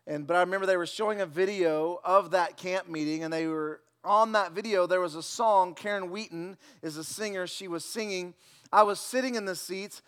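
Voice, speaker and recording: A male pastor preaching a sermon, telling stories in a lively way with jokes, repeated words and sudden drops to a near hush. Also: high-pitched, smooth.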